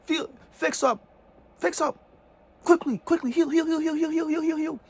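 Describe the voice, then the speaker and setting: Guy doing a high shrill mocking voice, dismissive and impatient, chanting words over and over, gravelly edge. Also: fairly even intonation, a little mellow. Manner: taunting, repeats words rapidly.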